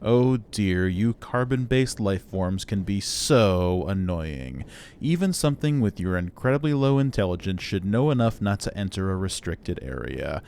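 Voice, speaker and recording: A man playing a smug, slow-talking android. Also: sits low, sing-song, a little mellow, smooth, exaggerated voice. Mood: condescending. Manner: slow, drawn-out, patronizing. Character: condescending male android, smug and superior.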